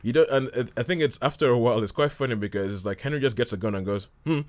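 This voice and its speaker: A man's voice: mid-range voice, rapid-fire. A man hosting a casual film review chat, rambling with many restarts and acting out quotes from scenes.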